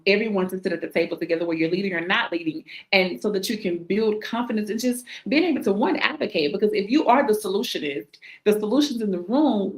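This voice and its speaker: A woman hosting a roundtable, speaking in a measured way and asking reflective questions. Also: medium pitch, reverberant. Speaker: host. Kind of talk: roundtable conversation.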